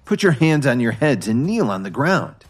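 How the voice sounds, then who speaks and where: A man voicing a brisk, tough female police officer in an audiobook story. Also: mid-range voice, sing-song, slightly rough, soft background music, voice pushed up. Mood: commanding. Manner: urgent, commanding.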